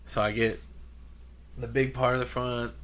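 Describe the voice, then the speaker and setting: A man's voice: medium pitch, little pitch movement, measured pace, fairly bright tone. A man telling a long casual story as a podcast co-host, swearing often and imitating engine noises.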